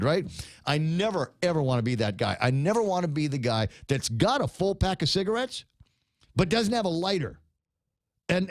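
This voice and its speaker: A man in his fifties delivers a morning talk-show monologue with a fairly high, very lively voice that swoops up and down. He talks in a rambling, rhetorical way and sounds openly incredulous. The sound is dry and close. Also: no room sound. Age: 50s. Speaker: radio talk show host.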